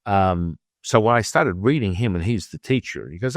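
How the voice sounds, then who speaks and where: A man guest on an interview show, telling a personal story in a casual, animated way and acting out the people in it. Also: medium pitch, a little fast, few pauses, dry recording, studio quality. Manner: animated, acts out quoted dialogue. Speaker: guest, Taoist teacher.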